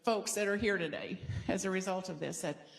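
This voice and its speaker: A woman's voice: medium pitch, a little fast, creaky. A middle-aged woman from the American South preaching a sermon in a church, conversational and playful, inviting the congregation to repeat lines with her. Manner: conversational and playful, leads the congregation in call-and-response. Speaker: pastor. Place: church sanctuary.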